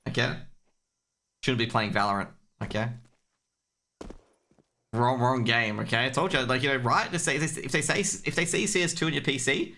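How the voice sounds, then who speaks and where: A man's voice: medium pitch, a little fast, bright, forceful tone. An Australian man casting an esports match on his own stream, chatty, rambling and jokey. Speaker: esports caster. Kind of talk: casual solo stream commentary.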